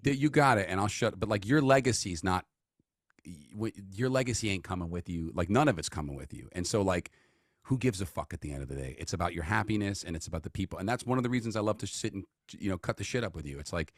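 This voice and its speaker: A man's voice: deep voice, lively intonation, quick pace, no room sound, studio quality. A man with a New York accent, a guest on a podcast, talking earnestly and with profanity about life. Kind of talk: casual reflective chat.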